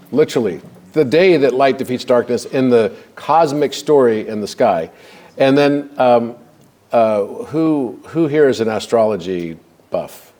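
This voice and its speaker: A man's voice: medium pitch, dark tone. A man casually telling stories and explaining ideas to a group, rambling with restarts.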